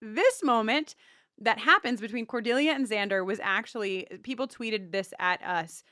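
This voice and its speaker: A woman's voice: fairly high pitch, normal speed, pushed and bright, no room sound, studio quality. A woman from Long Island co-hosting a TV rewatch podcast, chatting in a rambling way full of ums and restarts. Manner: chatty, self-interrupting, with frequent ums. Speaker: podcast co-host. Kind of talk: casual chat.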